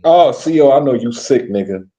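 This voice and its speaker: A man hosting a podcast, talking about basketball in animated, profane casual banter with frequent restarts. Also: medium pitch, moderate pace. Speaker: podcast host.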